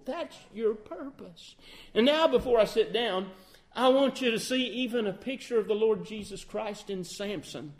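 A man preaching a sermon, asking questions and answering them, swinging between loud emphatic outbursts and quiet, low phrases.

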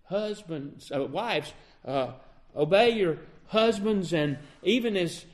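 A man preaching a sermon with dramatic swings between loud, high emphasis and low, quiet passages. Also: expressive, slow pace. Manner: dramatic preaching with wide swings in pitch and loudness.

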